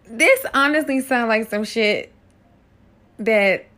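A woman's voice: medium pitch, animated, slow, long pauses, fairly bright tone. A woman hosting a casual celebrity gossip commentary, candid and profane, often laughing, with features. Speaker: host.

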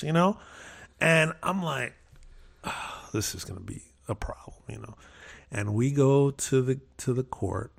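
Gravelly-voiced man telling casual stories. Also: mid-range voice. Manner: rambling, with frequent restarts and animated quoted asides. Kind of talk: casual storytelling chat.

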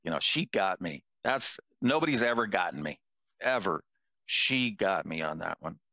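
An older man chats casually, telling stories and poking fun at himself. His voice sits low with a rough, gravelly edge. The sound is dry and close. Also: animated, normal speed, bright, forceful tone, no echo. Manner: self-deprecating, jokey storyteller. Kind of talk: casual conversation.

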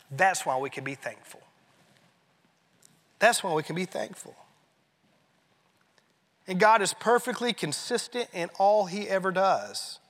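High-pitched, bright-voiced preaching pastor. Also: male voice, big pitch swings, measured pace, long pauses, big-room sound. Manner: emphatic preaching, drops to a hush on key phrases. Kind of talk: sermon.

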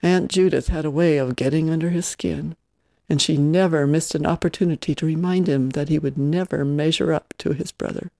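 A measured narrator reading a novel aloud in an even storytelling manner. The tone is dark and mellow, and the sound is close and dry. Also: mid-range voice, creaky, dry recording. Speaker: audiobook reader.

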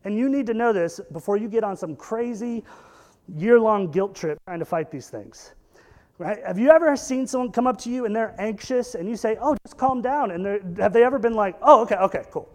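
A man with a high-pitched voice delivers a casual, conversational sermon. He talks animatedly and throws rhetorical questions at his listeners. He mixes in joking asides as he preaches. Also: a little fast, darkish tone. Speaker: pastor.

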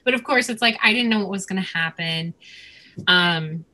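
A woman's voice: medium pitch, normal speed, pushed and bright. A woman in her thirties casually telling a personal story, rambling with many fillers as she chats with her co-host. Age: 30s.

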